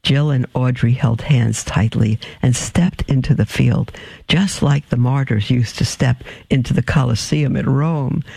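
Slow gravelly man reading a story. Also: medium pitch, darkish tone, dry recording. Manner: unhurried, pauses to explain asides. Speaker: reader. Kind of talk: reading a children's story aloud.

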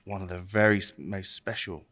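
Man, lowish voice, enthusiastic, informative, casual chat. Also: fairly even intonation, fairly quick, background noise. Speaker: wine expert presenting wines.

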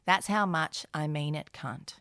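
A woman voicing an intense, profane teenage boy pressing a friend to keep quiet. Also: sits low, measured pace, creaky, no echo, clean studio sound, heavily acted. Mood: intimidating.

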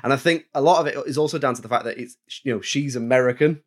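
A man's voice: medium pitch, fast talker. Chatty man talking films. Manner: chatty, repeats words while searching for them. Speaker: podcast host. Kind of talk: casual chat about films.

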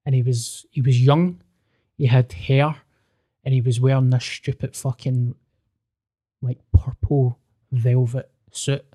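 A man's voice: medium pitch, slow, long pauses. Sweary man telling a story. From Scotland. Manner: sweary, animated storyteller acting out dialogue. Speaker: podcast co-host. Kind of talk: casual storytelling chat.

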